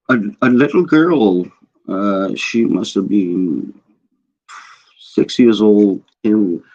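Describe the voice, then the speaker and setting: A man's voice: lowish voice, darkish tone, highs cut off. A Scottish man in casual chat, easygoing and drifting into anecdotes. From Scotland. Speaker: panel participant.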